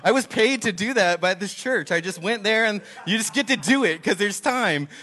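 A man in his forties gives a sermon with a bright, slightly high voice. He tells a candid, self-deprecating personal story with animated asides. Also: normal speed. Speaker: pastor.

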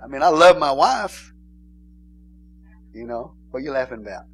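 A male pastor preaching an informal sermon in a church, bantering and laughing with the congregation and rising to shouted emphasis. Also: medium pitch, animated, normal speed, breathy edge. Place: church sanctuary.

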